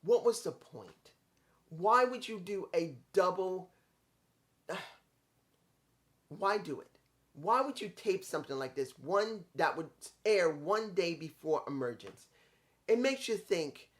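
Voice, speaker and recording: A man's voice: high-pitched, animated, slow pace, long pauses, fairly bright tone. A man reviewing a wrestling show in casual, rambling commentary, getting frustrated and stumbling over names.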